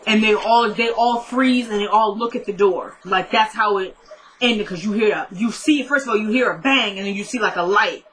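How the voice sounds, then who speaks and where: Young woman, vlogger, casual episode recap, chatty, excitable, bright tone. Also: mid-range voice, moderate pace, a little hiss or hum. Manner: chatty and excitable, rambling with many "like"s. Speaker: TV show reviewer.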